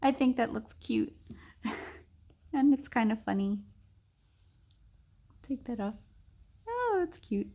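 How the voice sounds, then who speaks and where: A young woman narrating a casual drawing tutorial, chatty and thinking aloud with soft muttered asides. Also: a little high, slow pace, vocal fry, long pauses.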